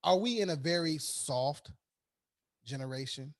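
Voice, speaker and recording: A Chicago man with a somewhat high voice chatting on a podcast. He restarts his sentences with repeated words and swears freely. He keeps pulling the others in with questions. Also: measured pace. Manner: stammering restarts, profane, asks questions back to the group. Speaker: podcast co-host. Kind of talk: casual chat.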